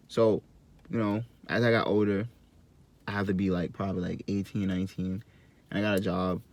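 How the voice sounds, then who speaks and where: Low-voiced young man telling a food story. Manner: animated, joking, acts out both sides of an argument. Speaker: vlogger. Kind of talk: casual food vlog storytelling. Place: fast food restaurant.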